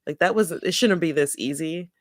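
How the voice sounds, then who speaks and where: A woman's voice: sits low, normal speed, dry recording, clean studio sound. A woman co-hosting a book club podcast in casual chat, retelling scenes with quoted asides. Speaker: podcast co-host.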